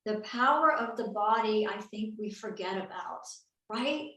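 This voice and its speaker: A woman's voice: mid-range voice, expressive, a little slow, sharp tone. A woman hosting a video call interview, enthusiastic and full of praise for her guest. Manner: enthusiastic, affirming, effusive praise. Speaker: host. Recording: roomy sound, far from the mic.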